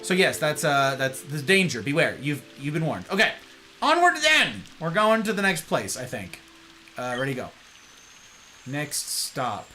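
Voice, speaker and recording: A man's voice: mid-range voice, big pitch swings, normal speed, pushed and bright. A man casually commentating a video game live, playful and chatty, greeting his viewers. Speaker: game streamer.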